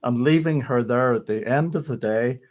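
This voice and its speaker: A man's voice: medium pitch, normal speed, darkish tone. Older man reading rhymed memoir.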